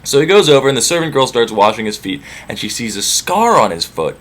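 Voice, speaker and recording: A man's voice: medium pitch, big pitch swings, brisk, fairly bright tone. A man retelling an old myth as comedy, casual, irreverent and profane. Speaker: storyteller.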